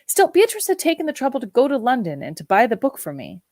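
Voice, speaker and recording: A woman narrating a novel as an audiobook in a measured, reflective way. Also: high-pitched, huge pitch swings, darkish tone, dry recording. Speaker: audiobook reader.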